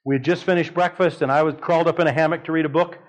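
A man in his fifties preaching a sermon, telling a family story with animated delivery and leaps of voice for dramatic quotes. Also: fairly high pitch, rapid-fire, poor audio.

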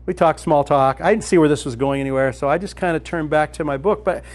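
A man in his fifties telling a lively story in a sermon, acting out the dialogue as he goes. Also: a little high, fast. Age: 50s.

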